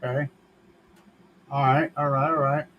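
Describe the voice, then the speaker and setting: A man's voice: medium pitch, level tone, measured pace, fairly bright tone, dull audio, a little hiss or hum. A man hosting a car audio show, chatting casually and answering viewer questions in a laid-back, joking manner and swearing freely.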